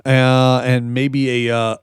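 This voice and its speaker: A man's voice: medium pitch, completely flat delivery, slow pace, clear, resonant tone. A man co-hosting a casual comedy podcast, joking around and laughing often in rambling asides. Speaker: podcast co-host.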